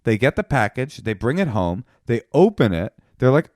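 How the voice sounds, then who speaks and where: A man co-hosting a podcast, chatting casually and telling stories with animated quoted voices. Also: brisk, hardly any pauses, no echo, clean studio sound. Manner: animated storyteller, jumps into high quoted voices. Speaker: podcast co-host. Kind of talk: casual chat.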